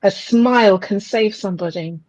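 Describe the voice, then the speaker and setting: A woman guest in a podcast interview, speaking earnestly and in a measured way. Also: medium pitch, a little mellow, no room sound, muffled recording. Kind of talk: interview conversation.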